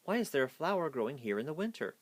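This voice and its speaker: A man's voice: medium pitch, sing-song, fast, pitched above the performer's own voice. A man voicing an eager, earnest young male reindeer in a children's storybook reading.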